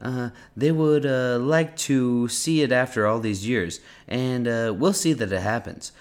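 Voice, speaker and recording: A man's voice: medium pitch, voice pushed up, natural voice. A man putting on an impression of a blustering male politician, rambling and repeating himself. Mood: pompous. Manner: rambling, repetitive, with drawn-out filler "uh"s.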